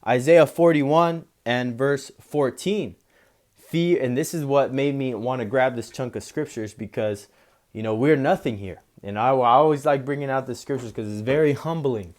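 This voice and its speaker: Man in laid-back Bible commentary. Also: medium pitch. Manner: slow solemn reading, then loose casual talk with frequent "you know" and "man". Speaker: preacher. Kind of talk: scripture reading with commentary.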